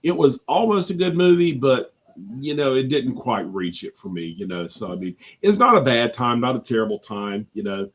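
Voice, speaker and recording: A man's voice: medium pitch, big pitch swings, normal speed, fairly bright tone, husky. A man chatting casually as a guest on a live movie review stream from home, rambling with lots of fillers and restarts.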